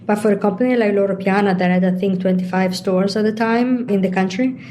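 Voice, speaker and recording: Middle-aged woman, interview guest, mellow warm tone, faint background hiss. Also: medium pitch, steady tone, brisk. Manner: explanatory, builds points with examples. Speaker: interview guest, digital executive. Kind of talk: conversational interview.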